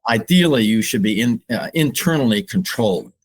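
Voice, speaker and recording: An older man, a psychologist guest on a podcast, speaking slowly and reflectively with open emotion. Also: lowish voice, lively intonation. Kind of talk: podcast interview.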